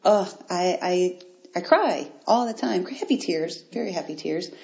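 A woman hosting a motivational podcast, speaking directly and encouragingly to her listeners in an animated way. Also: fairly low pitch, measured pace, gravelly. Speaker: podcast host. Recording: roomy, dull lo-fi sound.

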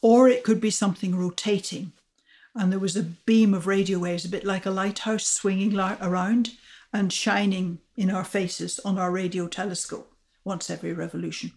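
An older woman, an astrophysicist guest, recounting her discovery in a measured, explanatory way. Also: mid-range voice, steady tone, a little mellow. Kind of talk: storytelling interview answers.

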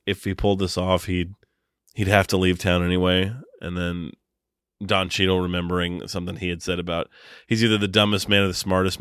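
A man's voice: deep voice, fairly bright tone, smooth, no echo, clean studio sound. A man co-hosting a casual movie-review podcast, sardonic and casual with swearing. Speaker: podcast co-host.

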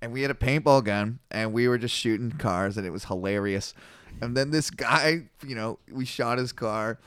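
A man's voice: medium pitch, moderate pace, fairly bright tone, clean tone, no echo, studio quality. A young man telling stories in casual chat, swearing freely, acting out quotes and laughing often.

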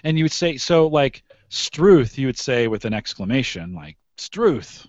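A man's voice: medium pitch, very animated, fairly quick, dry recording, highs cut off. A man hosting a podcast, asking lots of curious questions in a casual chat and laughing often. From United States. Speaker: podcast host.

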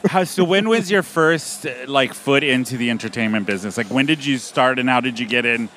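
A man's voice: mid-range voice, brisk, a bit bright, slight background noise. A man interviewing a guest, asking long, chatty questions in a casual way.

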